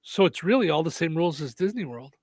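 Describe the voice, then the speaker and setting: A man's voice: fairly high pitch, lively intonation, quick pace, dry recording. A middle-aged man hosting a radio show, rambling easily through a list with chatty asides. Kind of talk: casual radio banter.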